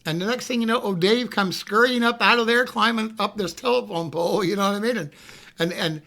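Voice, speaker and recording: A middle-aged man rambling through a casual anecdote, often adding "you know what I mean" and loudly acting out what people said. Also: high-pitched, brisk, vocal fry. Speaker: storyteller.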